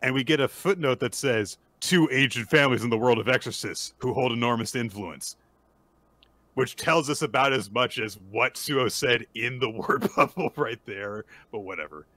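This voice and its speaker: Bright-voiced man recapping manga. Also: mid-range voice, normal speed, dry recording. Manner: animated, laughs often, voices quoted characters in excited bursts. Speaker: podcast co-host. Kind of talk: casual manga recap chat.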